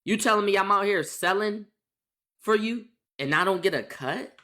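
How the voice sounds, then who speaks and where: Young guy streamer doing a storytime, sharp bright voice, swears a lot, keeps asking who made the rules. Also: high-pitched, moderate pace. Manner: animated, rhetorical, profane, repeats phrases for emphasis. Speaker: streamer telling stories. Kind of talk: casual storytime monologue.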